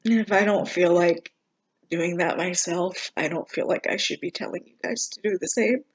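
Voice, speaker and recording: A vlogger giving a casual personal video update, talking in a subdued, halting way with many pauses and fillers. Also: mid-range voice, breathy edge, lo-fi sound. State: struggling emotionally, near tears.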